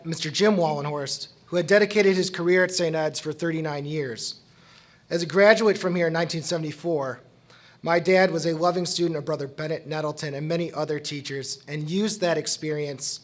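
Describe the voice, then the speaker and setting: Man presenting an award; slightly high voice; heartfelt, measured prepared tribute.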